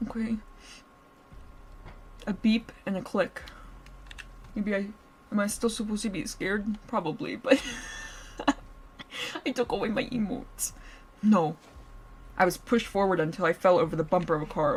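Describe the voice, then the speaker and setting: A woman's voice: medium pitch, unhurried, pauses often, a little hiss or hum. Playful woman streamer reading a story. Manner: playful, giggly, breaks off to joke with chat. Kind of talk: story reading with live reactions.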